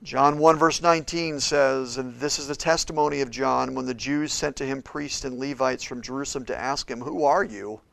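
A man preaching a sermon as a pastor in a church, shifting between loud, emphatic declarations and quiet, hushed passages. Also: mid-range voice, steady tone, moderate pace, creaky, few pauses, no room sound. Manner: preaches with big swings from shouting to hushed tones.

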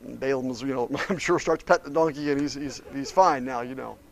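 A man preaching a sermon, retelling a Bible story with lively voices for each character. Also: mid-range voice, a little fast, vocal fry.

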